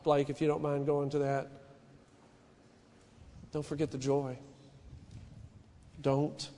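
A man's voice: on the high side, completely flat delivery, takes it slowly, warm tone, long reverb tail, slight background noise. A middle-aged man, a pastor, preaching a sermon in an earnest, personal way, often restarting his sentences and rising in emphasis.

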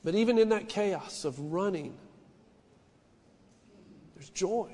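A middle-aged pastor with a fairly high voice preaches earnestly, stumbling into restarts and lifting his emphasis as he presses a point. His words ring out with a long reverb, as in a large church hall. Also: lively intonation, slow pace, mellow. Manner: earnest, personal, with frequent restarts and rising emphasis. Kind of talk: sermon.

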